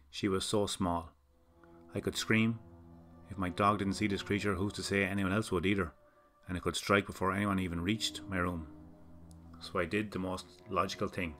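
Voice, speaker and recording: A man narrating a scary story in a steady, measured way. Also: sits low. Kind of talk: scripted horror narration.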